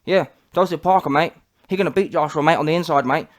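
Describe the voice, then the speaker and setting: A man's voice: on the high side, fast talker, pitched below the performer's own voice, lightly acted. A man voicing a mocking caricature of a boastful male boxer, in a put-on sing-song drawl that keeps repeating "mate".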